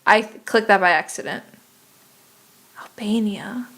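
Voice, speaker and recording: A young woman talks her way through a map game on stream, her voice a touch high and her pace slow and drawn out. She swears freely and mutters in exasperation. Her tone stays casual and chatty. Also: expressive, fairly bright tone. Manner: profane, exasperated muttering while playing.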